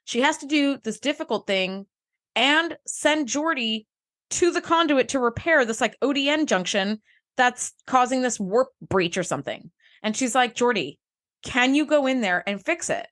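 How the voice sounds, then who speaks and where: Animated woman recapping with lively voice. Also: high voice, normal speed. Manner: animated, acts out characters' lines. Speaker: podcast co-host. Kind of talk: casual recap chat.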